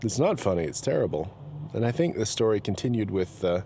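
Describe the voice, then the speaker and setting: A man's voice: fairly low pitch, sing-song, fairly quick. A man chatting casually in a rambling vlog, often breaking off mid-thought and starting over. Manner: chatty, rambling, self-interrupting. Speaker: blogger. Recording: loud road noise.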